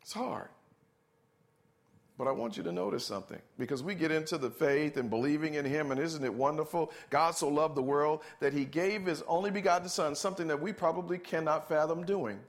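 A man's voice: a little high, brisk, vocal fry. A man preaching a sermon to a congregation, emphatic, asking them to answer back and repeating key phrases.

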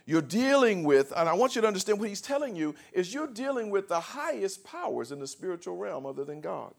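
A man preaching a sermon to a congregation, leading call and response and building from quiet talk to shouted scripture. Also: a little high, vocal fry. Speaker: pastor. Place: church before a congregation.

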